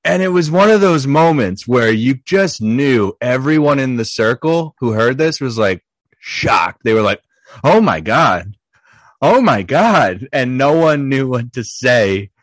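A man's voice: medium pitch, measured pace, no echo. A man co-hosting a podcast, telling a story in a casual chat full of filler words. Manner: storytelling with many filler likes. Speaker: podcast co-host.

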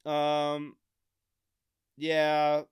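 An American man co-hosting a podcast in casual chat, rambling, thinking out loud and swearing often. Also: a little high, monotone, very slow, smooth. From United States. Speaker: podcast co-host.

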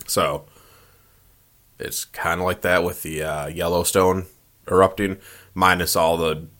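A young man co-hosting a casual podcast from a spare room, joking, swearing and slipping into quick impressions. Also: low-pitched, little pitch movement, a bit bright. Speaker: podcast co-host. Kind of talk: casual chat. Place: small spare room used as a home studio.

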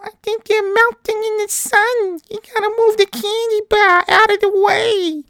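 A fretful small-town woman with an exaggerated New Hampshire accent squeals in a very high falsetto, as a man puts her on. She drags her words out slowly, and the sound stays close and dry. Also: little pitch movement, sharp tone, no room sound, full character voice. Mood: alarmed.

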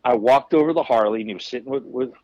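A wrestler guesting on a podcast tells candid, profane stories in a casual, animated way. His voice is mid-range and fast, recorded lo-fi with no room sound.

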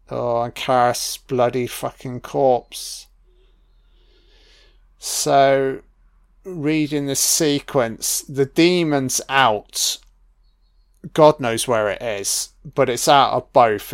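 A man's voice: medium pitch, clear, resonant tone. A man giving a casual film commentary, musing aloud with plenty of swearing and fillers.

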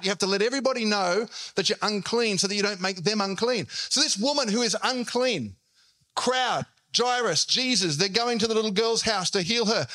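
A man delivers a sermon from the pulpit. His voice sits high and sounds bright and forceful. He tells the story in a lively way, slipping into different voices for each quoted line. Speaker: pastor.

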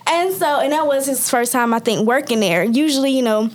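A woman hosting a podcast, telling a story in lively casual chat, laughing often and acting out what people said. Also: high-pitched, brisk, slight background noise. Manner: animated, laughs often, acts out quotes. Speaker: podcast host.

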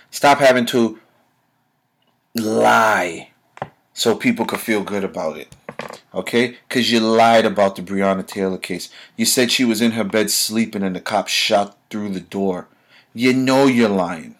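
A man's voice: lowish voice, measured pace. A man hosting his own podcast, delivering a blunt, profane, confrontational solo rant full of rhetorical questions aimed at his listeners. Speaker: podcast host.

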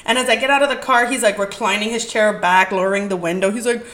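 A young woman hosts a casual storytelling podcast, sharing dating stories in a candid, profane, rambling way and saying "like" a lot. Her mid-range voice moves fast and has a fairly bright tone.

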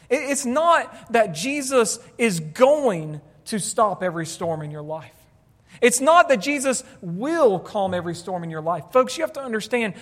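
A pastor with a notably high voice preaches to his congregation, pressing his points with emphatic repetition. His words carry a long reverb from a large hall, as in a church sanctuary. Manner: emphatic, repeats words for effect, addresses listeners directly. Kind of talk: sermon.

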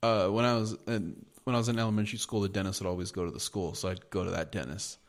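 Podcast co-host, male, lowish voice, loose and profane storyteller in casual chat. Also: steady tone, fast talker. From United States.

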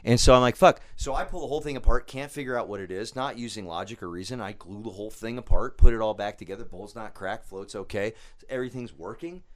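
A man's voice: fairly low pitch, fast talker. A man telling a story in casual studio chat, swearing freely and acting out his own quotes. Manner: profane, animated storyteller who acts out his own quotes. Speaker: podcast guest.

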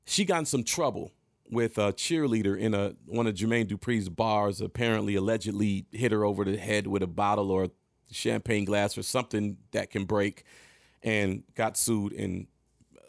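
A man in his thirties telling a casual, profane story to his viewers in an animated way, often jumping into other people's voices. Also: fairly low pitch, normal speed, vocal fry, no room sound, studio quality.

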